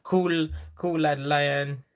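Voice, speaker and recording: A Jamaican-accented man hosts a casual livestream, reading viewer comments aloud and answering them. He chats loosely, laughs often and drifts into patois. His voice sits a little higher than most men's. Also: fairly even intonation, extremely slow. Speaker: livestream host. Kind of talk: casual live-chat reading.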